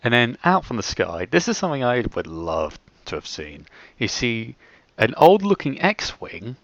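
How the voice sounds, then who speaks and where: A man chats casually with a friend, wry and quick to add dramatic detail. His pitch moves a lot, and the recording is dull and dry, with no room sound. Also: huge pitch swings, fairly bright tone, no echo.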